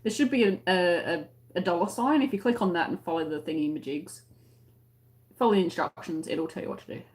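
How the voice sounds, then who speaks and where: A woman's voice: on the low side, brisk, a little mellow. An Australian woman hosting a casual crochet livestream, chatting to viewers and giggling as she explains slang. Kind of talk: casual livestream chat reading comments.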